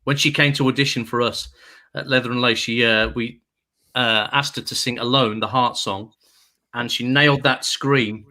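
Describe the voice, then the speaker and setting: Bright-voiced chatty English man. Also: medium pitch, fairly even intonation, moderate pace. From England. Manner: chatty anecdotes with jokes, puts on voices in quotes. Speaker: guest radio presenter. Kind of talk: casual chat, storytelling.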